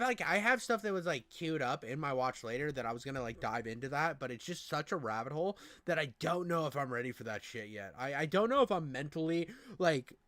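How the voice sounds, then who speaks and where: A man's voice: mid-range voice, fairly bright tone, no echo. A young man hosting a reaction video, joking loosely in casual, crude commentary. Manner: loose, joking, swearing, quick to laugh.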